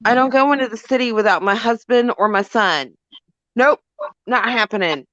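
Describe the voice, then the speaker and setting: A middle-aged woman hosting a casual chat, telling a story in an animated, emphatic way. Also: fairly high pitch, moderate pace, no room sound. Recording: dull lo-fi dry audio.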